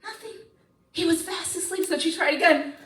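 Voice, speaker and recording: A woman storyteller telling a tale live to an audience, animated and playful, heard in a hall from a distant mic. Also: extremely high pitch, moderate pace, very noisy.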